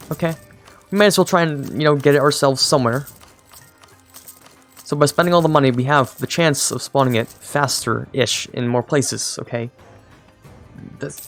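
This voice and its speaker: A man's voice: medium pitch, gravelly. A young man streaming a strategy game, rambling casually, mocking himself and talking to his units. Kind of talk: casual gameplay commentary.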